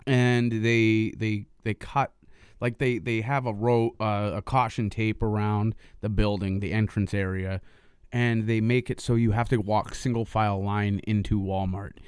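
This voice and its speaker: A man's voice: lowish voice, fairly even intonation, a little slow, smooth, no room sound, studio quality. A man co-hosting a casual podcast, joking, laughing often and swearing freely. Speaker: podcast co-host.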